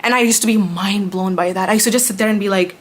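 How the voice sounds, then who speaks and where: A woman YouTuber telling a casual storytime, indignant and animated as she reads out old text messages. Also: medium pitch, fast.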